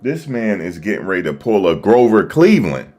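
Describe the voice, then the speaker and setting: A man hosting a live stream, talking casually and excitedly to his viewers, repeating himself as he reacts. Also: fairly low pitch, brisk. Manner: animated, repetitive, talking to chat viewers. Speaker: livestream host. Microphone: desktop USB microphone.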